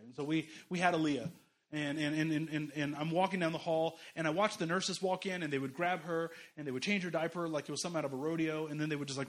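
Fast, bright-voiced preacher man. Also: a little high. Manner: animated storytelling, acts out quoted voices. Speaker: pastor. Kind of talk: sermon.

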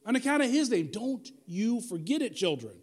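Man in his forties preaching, high-pitched. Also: very animated, moderate pace, slightly rough. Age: 40s. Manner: conversational preaching with repetition and asides; quiet, hushed prayer voice. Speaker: pastor. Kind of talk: sermon.

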